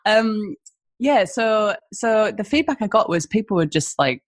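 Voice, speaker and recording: A woman with a northeast English accent, a guest in a casual podcast interview, chatting in a lively way and jumping up in pitch when excited. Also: unhurried, no echo. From northeast England. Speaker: guest, small business owner.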